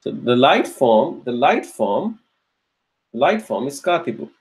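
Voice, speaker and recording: Speaking slowly with big swings in his medium pitch, a man teaches grammar in a live online class. He repeats his questions patiently, drills students encouragingly, and praises them by name as they answer, all on a rough recording.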